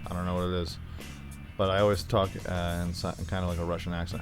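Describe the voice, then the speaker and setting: Brief: lower-voiced male gaming host, chatty play-along talk, slightly sore throat, quiet music underneath. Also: flat delivery, fast talker, gravelly. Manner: rambling, chatty, thinking aloud. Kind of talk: casual gameplay commentary.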